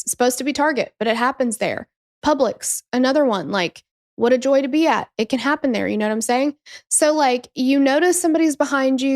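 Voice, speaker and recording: A woman's voice: high voice, a little mellow. A woman in her thirties hosting a true crime podcast, telling the story in a chatty, digressive way, swearing and acting out quotes. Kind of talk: casual storytelling chat.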